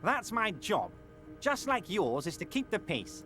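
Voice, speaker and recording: An actor playing a jovial, scheming, heavyset male union boss in a video game, speaking in a booming, self-assured, sweeping way. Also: very animated, measured pace, pushed and bright, exaggerated voice. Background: game music.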